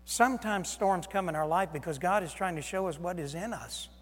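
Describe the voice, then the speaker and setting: A man preaching a sermon in an animated way, swinging between loud outbursts and soft asides as he acts out the people in his story. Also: sits high, brisk, big-room sound.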